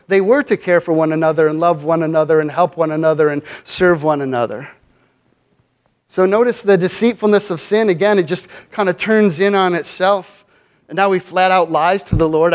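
A man's voice: high-pitched, brisk. A man preaching a sermon in an earnest manner, often posing rhetorical questions to his congregation. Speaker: pastor.

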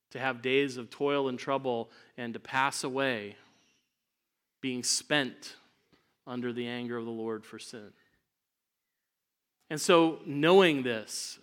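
A man preaching a sermon from the pulpit at a medium pitch. He moves between calm, low reflective stretches and loud, emphatic climaxes. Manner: preaching with rising emphatic peaks. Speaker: pastor.

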